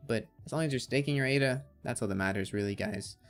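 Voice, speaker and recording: Man, livestream host, casual and chatty, mid-pitched voice, faint music behind. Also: fast talker. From Canada. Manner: chatty, reads out viewer comments and answers them.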